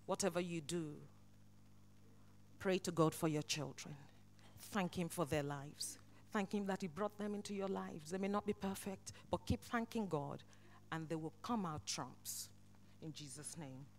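A woman preaching a sermon in church, swinging between loud, impassioned exhortation and soft, hushed lines. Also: on the low side, a little slow, a little hiss or hum.

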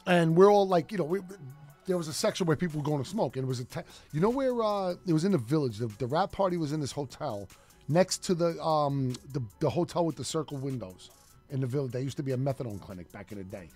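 A man's voice: fairly high pitch, lively intonation, fast, a little mellow, faint music behind. A man co-hosting a radio show, telling stories in loose, profane casual banter. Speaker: co-host.

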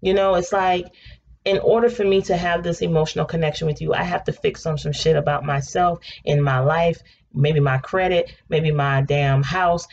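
Woman, low gravelly voice, casual tarot reader, chatty and blunt with swearing, slightly muffled recording. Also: moderate pace. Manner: chatty, swears freely, breaks into excited laughter. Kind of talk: casual tarot reading monologue. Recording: slightly dull home recording with faint noise.

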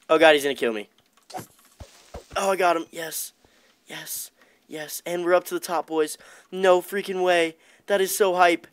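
A young man commentating his own Minecraft let's play as its gaming host, excitable and chatty with his viewers. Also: a little high, a little fast, dry recording, studio quality. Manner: hyped, excitable, talks to viewers as dudes. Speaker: gaming YouTuber.

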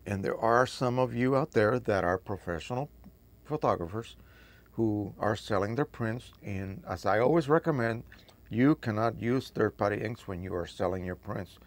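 A man with a low, gravelly voice reads an old post aloud on his printing channel. He stops often to add chatty, emphatic comments of his own, and a faint fry runs under his words. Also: normal speed. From Spain. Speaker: photo printing video host.

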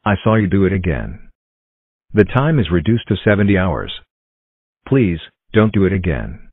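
Bjornbot, a man voicing a stern low robot. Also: normal speed, slightly rough, heavily acted. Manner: flat, robotic and threatening. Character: stern robot error figure, male, grows angry. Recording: dry, phone-like tinny sound.

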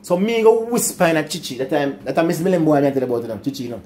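A man's voice: on the high side, very animated, racing, darkish tone. An older man with a Jamaican accent telling childhood stories in a casual chat, laughing often and turning to talk to his grandsons. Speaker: storyteller. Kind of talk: casual storytelling chat in patois.

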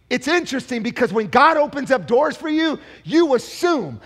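High-voiced, fiery preaching man. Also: normal speed, few pauses. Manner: energetic, rising to shouts, asks the crowd questions. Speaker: pastor. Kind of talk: live sermon. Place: church.

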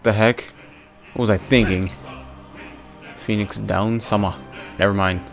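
Low-voiced man ranting over gameplay. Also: steady tone, a little slow, creaky, faint music behind. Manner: exasperated, ranting, muttering to himself; casual slangy talk. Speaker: gaming channel host. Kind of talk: let's play commentary.

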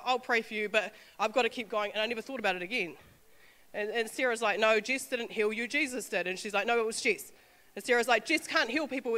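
A woman, telling an animated testimony with frequent laughter. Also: fairly high pitch, long reverb tail. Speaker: speaker sharing a testimony. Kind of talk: informal sermon talk.

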